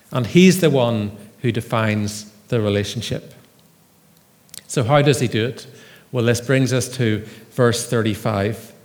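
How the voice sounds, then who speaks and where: Guy preaching a sermon in a church, earnest and measured, big echoey hall. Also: medium pitch. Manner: earnest, measured preaching with emphatic Scripture readings. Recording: long reverb of a church hall.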